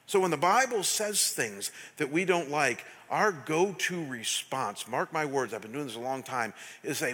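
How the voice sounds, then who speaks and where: A man's voice: fairly high pitch, animated, measured pace, pushed and bright, slightly rough. Passionate man preaching in a reverberant church. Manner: passionate, emphatic, asks the congregation questions. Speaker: pastor. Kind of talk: sermon. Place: church sanctuary. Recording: long hall reverb.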